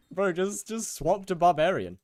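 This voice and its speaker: A man's voice: high voice, dry recording. Chatty young British man streaming. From United Kingdom. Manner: relaxed, chatty, stammers and repeats words, laughs easily. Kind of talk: casual live-stream chat while gaming.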